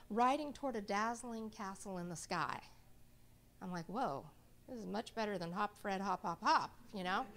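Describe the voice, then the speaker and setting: Middle-aged woman teaching a reading workshop. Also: fairly high pitch. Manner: chatty, checks in with listeners often. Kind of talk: live workshop talk to an audience.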